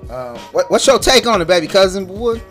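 A man's voice: sits high, big pitch swings, a little fast, a bit bright, faint music behind. Playful laughing man hosting a chat. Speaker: host. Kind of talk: casual phone chat.

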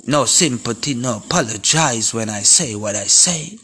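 Forceful Jamaican man preaching. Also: mid-range voice, fairly quick, hardly any pauses, breathy edge. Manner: preachy, repetitive, speaking in Jamaican patois; forceful and confrontational. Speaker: vlogger. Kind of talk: impassioned monologue to camera.

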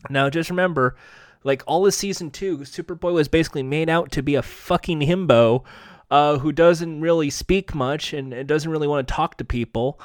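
A man's voice: fairly high pitch, normal speed, no room sound, studio quality. A man casually recapping a TV episode with sarcastic, profane jokes. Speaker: show recap host.

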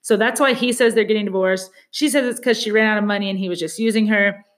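A woman co-hosting a casual podcast, gossiping about a reality show. Her talk is chatty and quick, and she keeps slipping into short quotes of what people said. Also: medium pitch. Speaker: podcast co-host. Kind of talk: casual chat.

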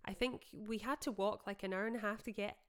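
Young Scottish woman, podcast host, chatty storyteller, smooth clear tone. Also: mid-range voice, fairly even intonation, a little fast. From Scotland. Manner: chatty, storytelling, frequent fillers. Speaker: podcast host and singer-songwriter. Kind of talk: casual reminiscing chat.

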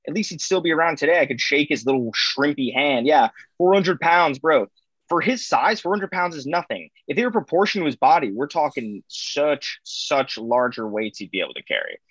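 Dude teasing his buddy in a podcast debate, kinda higher voice, dry dull lo-fi mic. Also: lively intonation, a little fast, a bit bright, husky, dry recording. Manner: teasing, mocking, laughs often. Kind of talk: comedic mock debate.

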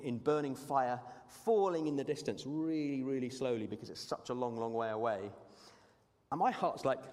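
A man preaching a sermon, telling stories in an animated way with lively asides. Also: on the high side. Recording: long hall reverb.

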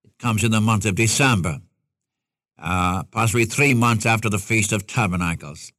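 An older man preaching an expository sermon, reading scripture aloud and rising in pitch to stress his points. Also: normal speed, pushed and bright, no echo, studio quality.

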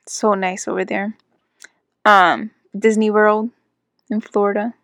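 A woman's voice: mid-range voice, flat delivery, slow, fairly bright tone, no echo, clean studio sound. A woman chatting casually about travel, with lots of "like" fillers. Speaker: conversation partner. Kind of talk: casual chat.

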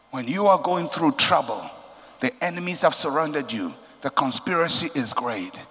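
Male preacher, fairly high voice, passionate and dramatic, long hall reverb. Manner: passionate, swings from soaring to hushed. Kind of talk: sermon.

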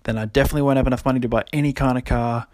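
A man's voice: medium pitch, steady tone, very fast, noisy background. A young man hosting a podcast, talking casually with many fillers and frequent laughs. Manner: rambling, lots of fillers, laughs often. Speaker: podcast host.

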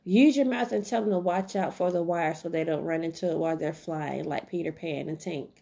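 A woman's voice: low-pitched, fairly quick, creaky, dark tone. A woman hosting a solo podcast, giving an earnest, encouraging self-help talk with lots of repetition. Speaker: podcast host.

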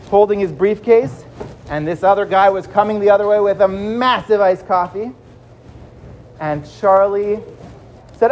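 A man telling a dramatic story to children, swinging between loud and hushed. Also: high-pitched, a little hiss or hum.

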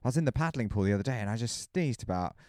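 A man's voice: mid-range voice, expressive, rapid-fire, a little mellow, no room sound. A man co-hosting a podcast, bantering and teasing his co-host in casual chat.

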